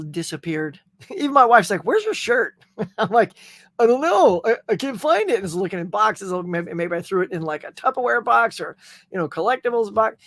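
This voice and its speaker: A middle-aged man hosting a casual livestream chat, telling animated stories and reading out viewer comments. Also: high-pitched, dry recording. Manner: animated storytelling, acting out quotes. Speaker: livestream host.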